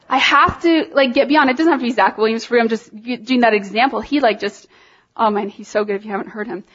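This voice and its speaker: A woman preaches in a loose, conversational way, circling back on her words and pressing her points with animated emphasis. Her voice sits a little high. The recording sounds dull and lo-fi. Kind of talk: informal sermon.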